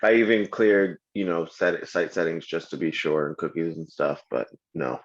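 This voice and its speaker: A man's voice: low-pitched, fairly even intonation, normal speed. A man on a team call, laid-back and joking while reporting on testing an app. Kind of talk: casual work meeting. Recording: dull lo-fi microphone.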